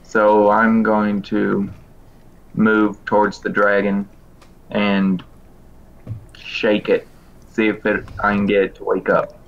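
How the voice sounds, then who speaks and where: A man's voice: lowish voice, monotone, slow pace, long pauses, highs cut off. A man playing a tabletop game, speaking in a dry, matter-of-fact way. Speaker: player. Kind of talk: casual tabletop role-play.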